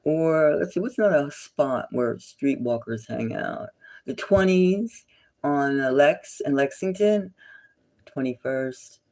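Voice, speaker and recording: Gossipy tarot reader, lively swooping pitch, indignant, repeats herself, slips into whispers. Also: slow pace. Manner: indignant, repetitive, drifting into whispers. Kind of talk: casual tarot reading with gossip.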